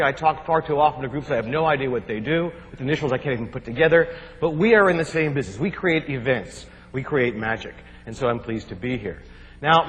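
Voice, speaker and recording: A man from New Jersey giving a humorous keynote speech, telling adventure stories in an animated, joking way. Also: fairly high pitch. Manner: animated, jokey, acts out shouts and quotes. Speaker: keynote speaker. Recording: long hall reverb.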